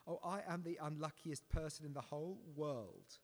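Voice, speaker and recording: Man doing a frightened boy, pleading and anxious, higher lively voice, long echoing hall. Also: moderate pace.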